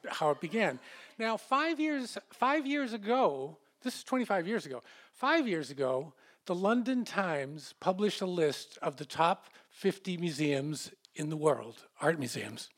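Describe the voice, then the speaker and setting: High-voiced wry middle-aged man storyteller. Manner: wry, self-mocking. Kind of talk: live storytelling on stage. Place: small hall in front of a live audience.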